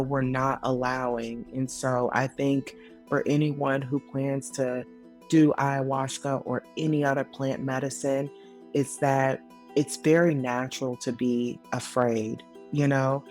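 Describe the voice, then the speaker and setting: A woman's voice: a bass voice, a little slow, faint music behind. Earnest woman sharing a personal story. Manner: earnest, animated storyteller with frequent fillers. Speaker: guest. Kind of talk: casual interview testimony.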